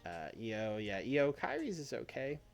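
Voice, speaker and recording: A man live-streaming a wrestling booking game in casual chat, thinking out loud, swearing easily and trailing off mid-sentence. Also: mid-range voice, wildly swooping pitch, unhurried. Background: faint background music.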